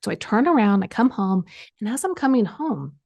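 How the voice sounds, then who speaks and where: A middle-aged woman guest on a podcast recounts a personal story. Her voice is gravelly, with a lot of vocal fry, and she brings each quoted voice to life with animation. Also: mid-range voice, big pitch swings, fairly quick, a little mellow. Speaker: guest coach.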